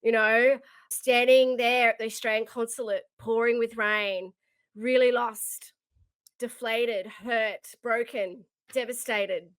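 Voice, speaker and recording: A middle-aged woman who coaches leadership hosts a motivational podcast, speaking slowly in a fairly high, fairly even voice. She is heartfelt and emphatic, repeating her key phrases, and the recording has no echo.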